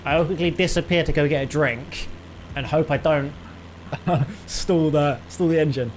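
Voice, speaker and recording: A man's voice: fairly high pitch, normal speed, slight background noise. A young British man chatting casually with his live chat while flying a simulator, rambling and laughing often. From Britain. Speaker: flight sim streamer.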